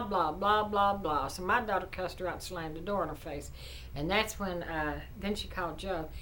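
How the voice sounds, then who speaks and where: Middle-aged woman vlogger, indignant chatty rant, bright edge to her voice. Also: mid-range voice, poor audio. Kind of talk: casual storytelling rant.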